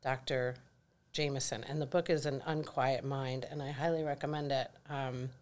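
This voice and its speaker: A woman's voice: rumbling low, fairly even intonation, normal speed, a little mellow. A middle-aged woman co-hosting a podcast, talking candidly and reflectively in casual chat. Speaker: podcast co-host.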